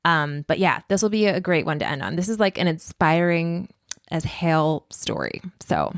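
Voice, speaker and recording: A woman's voice: low voice, sing-song, moderate pace, no room sound, clean studio sound. A woman co-hosting a podcast in casual chat, talking with lots of fillers and restarts. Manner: chatty, many fillers and restarts. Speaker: podcast co-host and producer.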